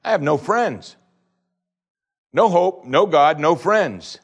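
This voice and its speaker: A man preaching a sermon, reading scripture and shifting between loud pleading questions and low, hushed lines. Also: expressive, takes it slowly, slightly rough, muffled recording.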